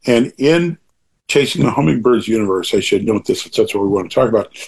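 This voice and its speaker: A man's voice: fairly low pitch, lively intonation, a little fast, vocal fry, darkish tone, breathy edge. An older man talking in a casual interview, rambling through asides and restarts while making emphatic, opinionated points. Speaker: interview guest.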